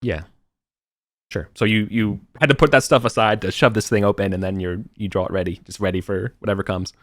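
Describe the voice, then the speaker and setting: A man's voice: on the low side, steady tone, brisk, dry recording, studio quality. A man running a tabletop game over an online voice call, talking casually and correcting himself as he goes. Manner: rambling, self-correcting, casual. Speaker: game master.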